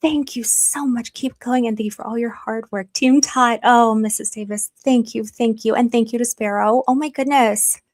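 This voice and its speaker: A woman livestream host reasons through evidence in investigative commentary, hesitating often and gushing thanks to her viewers in a chatty, effusive way. Her voice is a little high and slightly mellow, with fairly even intonation, normal speed and few pauses.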